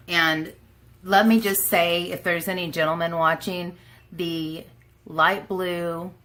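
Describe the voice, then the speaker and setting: Chatty bright-toned woman with an Oklahoma twang. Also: low voice. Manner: chatty, self-deprecating, rambling with asides. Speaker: beauty vlogger. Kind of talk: casual chat to camera.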